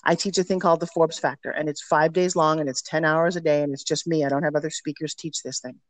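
A woman's voice: low voice, fairly even intonation, fast, no room sound. A middle-aged woman speaks as an interview guest, telling stories with energy and emphasis. Her voice is recorded close and dry, with no room sound around it. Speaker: podcast guest, personal development teacher. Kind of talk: casual interview storytelling.

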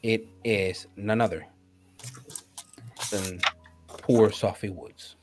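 A man's voice: on the low side, slow pace, a little mellow. A man narrating a tabletop game as game master, hesitant and full of fillers.

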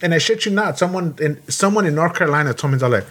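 A man's voice: a little high, expressive, fast, hardly any pauses, a bit bright, breathy edge. A man from Los Angeles, a Marine veteran, co-hosting a casual podcast chat in a blunt, heated way, swearing often and restarting his sentences. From Los Angeles, USA.

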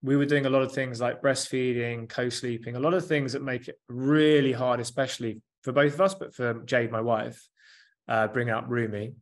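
A man's voice: medium pitch, steady tone, moderate pace. Male, 30s, coach or therapist guest, earnest and reflective, casual interview delivery. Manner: earnest, reflective, leans on "like" and "you know". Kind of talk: candid conversational interview.

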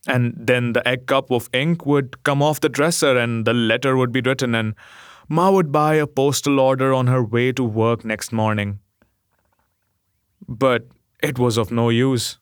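Male narrator, steady mid pitch, very unhurried, gentle, dry booth sound. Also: clean tone, dry recording. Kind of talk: scripted story reading.

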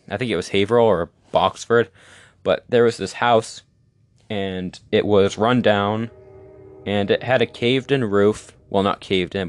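Low-voiced rambling young man. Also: dry recording. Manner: rambling, opinionated, with many "like"s. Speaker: podcast host. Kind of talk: casual opinion monologue.

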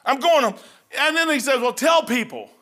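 Folksy high-voiced male preacher. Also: expressive, moderate pace, bright, forceful tone. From Kentucky. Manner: folksy, conversational, says "man" often. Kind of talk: informal sermon.

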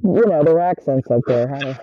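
A woman's voice: sits low, expressive, a little fast, no room sound, highs cut off. A middle-aged woman with a Southern American accent, chatting casually and animatedly as a podcast co-host, swearing freely. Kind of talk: casual chat.

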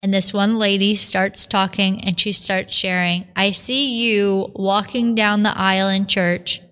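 A woman's voice: mid-range voice, unhurried, smooth. A religious sister telling her vocation story in a podcast interview, acting out the voices she quotes. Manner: animated storyteller who acts out her own quotes.

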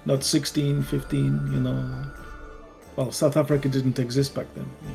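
A man's voice: medium pitch, little pitch movement, moderate pace, creaky, dark tone, soft background music, pitched below the performer's own voice. A man voicing a worldly male adventurer who craves wine and calls everyone his friend. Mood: wry.

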